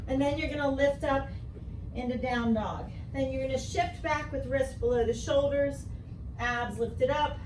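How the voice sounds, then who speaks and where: Woman fitness coach, high voice, calm unhurried delivery, roomy basement sound with faint background hum. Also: far from the mic. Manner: encouraging, counts down and cheers. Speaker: fitness instructor. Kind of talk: coaching a workout class. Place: basement at home. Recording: roomy echo, voice a bit off-mic.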